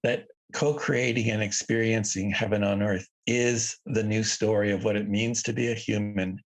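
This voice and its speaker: A man's voice: fairly low pitch, little pitch movement, normal speed. A man guest in an interview, talking in an earnest, reflective way and repeating words for emphasis. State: emotional. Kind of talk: casual conversation. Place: at home, by a lawn near the ocean.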